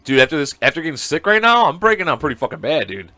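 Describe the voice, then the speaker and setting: This podcast co-host, a man in his thirties, joins over a video call for casual chat, telling crude stories with animated energy and putting on voices for his child. He speaks rapid-fire in a slightly high voice.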